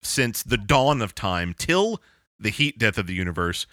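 A podcast co-host chats casually and jokily in a lowish, sing-song voice that's bright and forceful, taking his time. The sound is clean studio audio with no room sound, and he often slips into silly voices to quote people.

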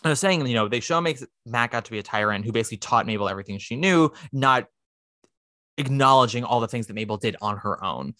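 This is a podcast host in relaxed conversation, mid-pitched, animated and full of opinions. The sound is dry and close, with no room around the voice. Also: dry recording. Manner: animated and opinionated, quick asides. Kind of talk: casual chat.

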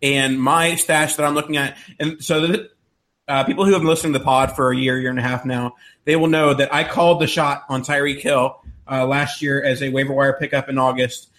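A man co-hosting a casual sports podcast, laying out his picks in a steady, explanatory way. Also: mid-range voice, brisk. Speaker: podcast co-host.

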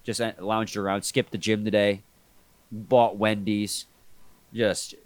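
A congested man with a head cold, hosting a sports podcast in a relaxed, rambling way that often restarts mid-sentence. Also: fairly low pitch, slow pace, clean tone, no room sound. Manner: relaxed, rambling, self-correcting. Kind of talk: casual sports podcast chat.

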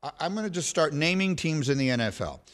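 A man's voice: on the high side, lively intonation, fast. A man hosting a sports radio show, teasing his co-hosts with incredulous, laughing banter. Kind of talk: casual sports talk banter.

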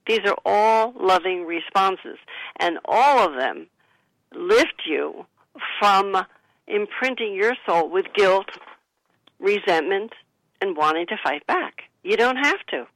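Gravelly voice, bright tone, gentle coaching talk, dry studio sound. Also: medium pitch, animated, slow pace, dry recording, poor audio. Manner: gentle, coaching, acts out soothing sample replies. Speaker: author and guest. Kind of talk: conversational advice talk.

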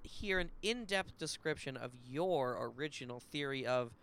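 A man co-hosting a comedy podcast, speaking with mock-earnest, drawn-out delivery. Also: medium pitch, lively intonation, fairly bright tone, smooth. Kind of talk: improvised comedy chat.

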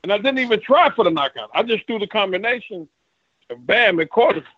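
Sitting high, husky, and fairly quick, the voice belongs to a retired boxer who, as an interview guest, tells casual career stories and animatedly acts out the exchanges he quotes. The lo-fi recording has no room sound.

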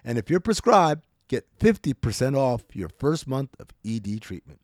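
A man's voice: medium pitch, big pitch swings, moderate pace, no room sound, studio quality. A man reading an ad on his podcast in a playful, teasing, sing-song way. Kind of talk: host-read ad.

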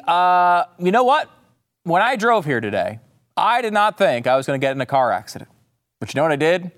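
A man hosting a podcast, giving opinionated commentary in a mocking, incredulous way and mimicking the people he quotes. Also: on the high side. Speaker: podcast host.

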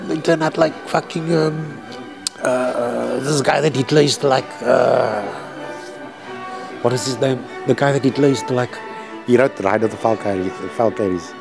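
A man's voice: medium pitch, moderate pace, vocal fry, over music. A man, a composer, talking candidly and emotionally in a rambling, profane way from a hospital room.

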